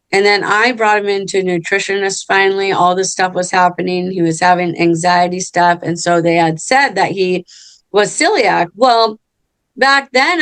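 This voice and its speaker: A woman's voice: medium pitch, no room sound. Middle-aged woman, chatty storyteller, casual podcast talk, dry sound. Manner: chatty storyteller, acts out quotes. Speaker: co-host.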